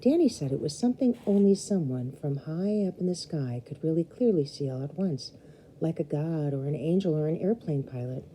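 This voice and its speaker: A woman reading a children's novel aloud chapter by chapter, expressive and speaking directly to young listeners. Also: deep voice, moderate pace, a little hiss or hum, poor audio. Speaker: storybook reader.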